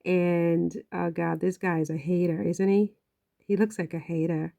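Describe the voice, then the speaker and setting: A woman's voice: fairly low pitch, little pitch movement, a little slow, creaky, warm tone. A woman giving casual, emotional vlog commentary on royal news, chatty and prone to swearing.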